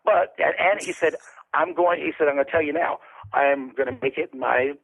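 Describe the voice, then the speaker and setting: A man's voice: on the high side, fairly quick, gravelly. A man telling rambling, profane anecdotes as an interview guest in casual storytelling. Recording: tinny phone-line audio.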